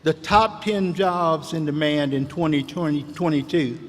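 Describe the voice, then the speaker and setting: A man's voice: a little high, measured pace. A man giving a folksy, rousing commencement speech from a podium, calling out to the graduates. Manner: folksy, rousing, calls out to the crowd. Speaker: commencement speaker. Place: large hall. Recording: echoey large hall.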